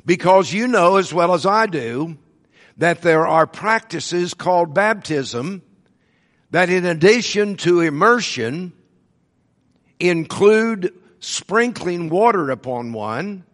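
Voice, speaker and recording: A man delivers a sermon at an unhurried, deliberate pace, leaning on the words he wants his listeners to catch. His voice sits a little high for a man. The sound carries a long reverb, as in a large hall. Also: expressive, fairly bright tone. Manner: slow, deliberate teaching with emphasized words. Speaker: preacher.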